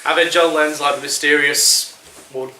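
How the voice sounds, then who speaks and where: Bright-voiced man in casual podcast chat. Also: a little high, level tone, normal speed, echoey room, slight background noise. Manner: rambling, lots of fillers and restarts. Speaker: podcast co-host. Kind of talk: casual chat reviewing a TV episode.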